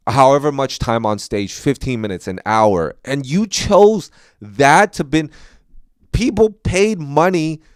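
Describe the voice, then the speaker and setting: A man's voice: fairly high pitch, dry recording, clean studio sound. A man hosting a podcast, talking casually and rambling with many restarts and fillers. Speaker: podcast host, comedian.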